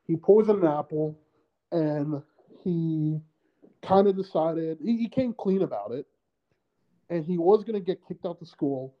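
A man's voice: on the high side, highs cut off. A man co-hosting a podcast in casual chat, rambling with many fillers and restarts. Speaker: podcast co-host.

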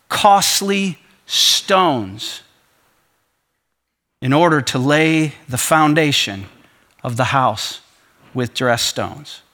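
An impassioned male pastor delivers a sermon in a high, bright voice. His tone is forceful and tense, and it builds in fervor as he reads scripture aloud.

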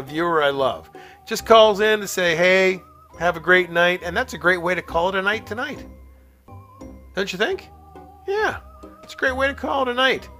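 A man's voice: on the high side, bright, forceful tone. A man hosting a casual call-in radio show, chatty and rambling, laughing often as he talks.

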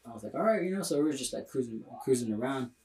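A man's voice: mid-range voice, lively intonation, very fast, darkish tone, recorded from a distance. A young adult man in a casual podcast chat, rambling with many fillers and slang. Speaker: podcast co-host. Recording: roomy, from the mic.

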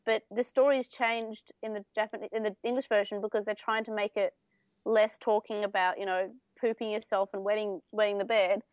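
A young woman co-hosts a casual podcast, walking through an episode at length. She talks in a chatty way, full of fillers and restarts, at an ordinary middle pitch. Her voice is recorded dry and close to the mic. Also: steady tone, fairly quick, clean tone, no room sound. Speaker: podcast co-host. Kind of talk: casual chat comparing anime versions.

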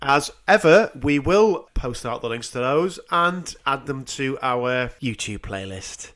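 A man co-hosting a music podcast, chatting casually, animated and sweary, laughing easily. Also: medium pitch, unhurried. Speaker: podcast co-host.

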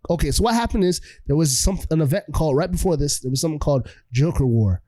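A young man hosting a casual podcast, retelling comic-book plots in a lively, profane way and slipping into quick character voices. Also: fairly high pitch, no room sound. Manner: animated, profane storytelling full of quick character impressions. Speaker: podcast host.

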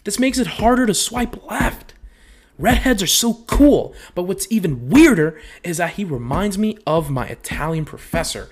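Young male podcast host, casual comedic read, swears freely, laughs a lot, pitch leaps around. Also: moderate pace. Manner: profane, animated, laughs a lot.

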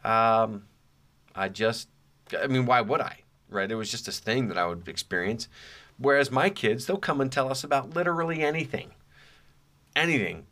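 A man's voice: mid-range voice, moderate pace, sharp tone. A middle-aged man hosting a podcast, talking through his memories in a reflective, conversational way with wry asides. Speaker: podcast host. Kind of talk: casual monologue.

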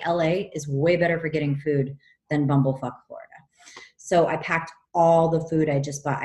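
A woman co-hosting a casual chat, telling a personal story in an animated, frank way and swearing freely. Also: sits low. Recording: roomy echo.

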